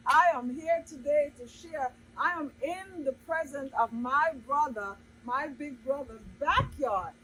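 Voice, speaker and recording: Woman, high voice, bubbly cooking vlog host, lots of exclamations. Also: measured pace, hardly any pauses, fairly bright tone, slight background noise, rough recording. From Jamaica. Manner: bubbly, exclaims often and repeats her catchphrases.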